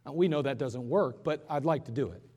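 A man preaching an impassioned sermon in a church, swinging between loud urgent pleas and quiet hushed moments. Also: mid-range voice, a little fast, long reverb tail. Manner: impassioned preaching, rising and falling in force. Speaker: pastor.

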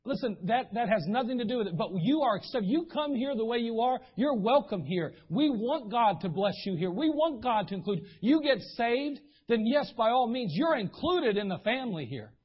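Pastor guy preaching, kinda high breathy voice, folksy storyteller, muffled church recording. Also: very animated, moderate pace, hardly any pauses. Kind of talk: sermon. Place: church sanctuary.

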